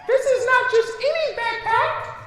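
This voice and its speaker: A man voicing a kind, chirpy female fairy in a sing-song falsetto, for a children's storybook. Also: measured pace, sharp tone, slight background noise, full character voice. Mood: gentle, encouraging. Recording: echoey room.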